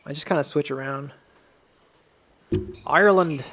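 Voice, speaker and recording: A man's voice: a little high, moderate pace, gravelly, a little hiss or hum. An American man hosting a live stream from home, chatting casually, rambling and laughing often at his own jokes.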